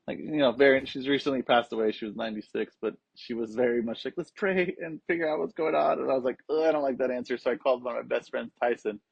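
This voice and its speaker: A young man with a husky voice tells a personal story in loose, profane chat and slips into the voices of the people he quotes. The sound is dry and close, with a dull lo-fi tone. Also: medium pitch, steady tone, fast talker, few pauses, dry recording. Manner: swears freely, acts out quoted voices. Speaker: podcast guest, skateboarding coach. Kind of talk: casual storytelling.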